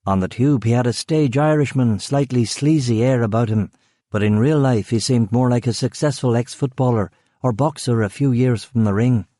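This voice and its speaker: A man reading a crime thriller audiobook in measured scripted narration. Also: mid-range voice, dark tone, no room sound, studio quality.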